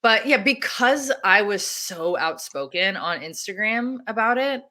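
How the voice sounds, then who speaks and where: A woman doula talking casually in an interview, animated and laughing often as she acts out her own remarks. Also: mid-range voice, measured pace. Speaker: doula and activist.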